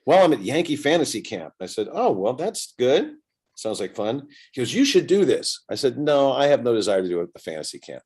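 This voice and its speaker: A man in his sixties, a seasoned entertainer, recounts a story in relaxed conversational talk. He jumps between narration and lively quoted dialogue, giving the other people in the story their own voices. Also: mid-range voice, brisk, husky. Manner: animated storyteller acting out both sides of conversations. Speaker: guest entertainer. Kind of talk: casual anecdote telling.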